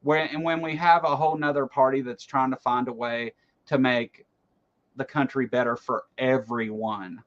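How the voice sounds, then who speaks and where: A man hosting casual political commentary, animated and rambling, with lots of fillers and swearing. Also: medium pitch, moderate pace, dull audio.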